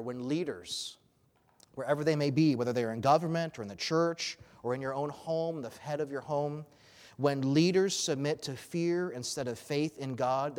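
A man's voice: medium pitch, a little mellow, in a large hall. A man preaching an expository sermon as pastor, earnest and emphatic.

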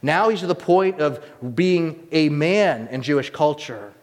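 Pastor, male, lively sermon delivery with acted-out quotes, slightly high voice, big echoing hall. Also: measured pace. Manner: animated, acts out quoted voices.

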